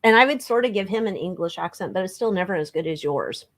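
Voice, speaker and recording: A woman's voice: medium pitch, lively intonation, fast talker. A woman co-hosting a live tarot stream, chatting in a playful, joking way. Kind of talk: casual live-stream chat.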